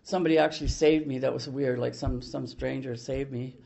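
Older woman, frank and salty, telling her recovery story; gravelly, dull lo-fi tape. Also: rumbling low, steady tone, fairly quick, mellow. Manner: blunt, salty storytelling with many restarts. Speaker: recovery meeting speaker. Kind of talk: personal recovery story told to a meeting.

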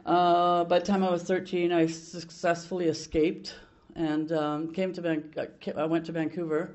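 A woman's voice: on the low side, little pitch movement, moderate pace, darkish tone, muffled recording. An older woman from Canada sharing her recovery story at a meeting, in a blunt, salty way with many restarts.

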